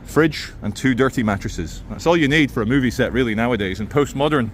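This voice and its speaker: A man's voice: mid-range voice, a little fast, slight background noise. A man vlogging as he walks outdoors through a city, talking in a sardonic, ranting way. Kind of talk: walking vlog commentary.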